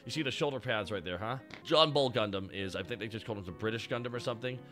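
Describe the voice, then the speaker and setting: A man hosting a casual chat and reviewing robot designs, excitable and rambling, and swearing freely as he goes. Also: on the low side, quick pace, faint music behind. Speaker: show host.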